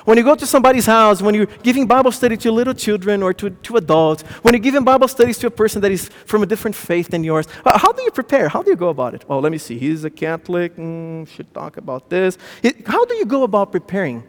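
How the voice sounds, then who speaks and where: A man preaching a sermon, animated, swinging between loud bursts and hushed lines. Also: sits high. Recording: long hall reverb.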